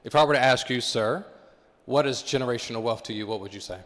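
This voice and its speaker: Male keynote speaker, mid pitch, engaging and interactive, long hall reverb. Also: fast, fairly bright tone. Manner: engaging, quizzes the audience. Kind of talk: motivational talk to a live audience. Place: conference hall with live audience.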